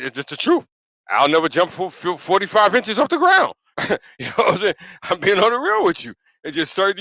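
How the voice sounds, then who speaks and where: With no echo around him, a podcast talk show host speaks in a bright, forceful, medium-pitched voice. His casual monologue of opinions is blunt and repetitive, peppered with "you know what I'm saying" as he checks in with listeners.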